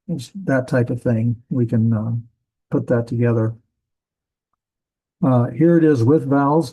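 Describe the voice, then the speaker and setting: A man with a soft, warm voice leads a classroom lesson. He explains patiently and unhurriedly, often stalling with fillers and going back to restart his sentences. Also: medium pitch, low-quality recording. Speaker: Bible language teacher. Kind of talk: classroom lecture.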